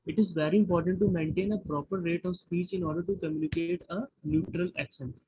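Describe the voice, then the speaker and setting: A man's voice: high voice, steady tone, fast, slight background noise. A man student reading notes aloud in class, careful and stopping to restart words. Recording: dull lo-fi recording.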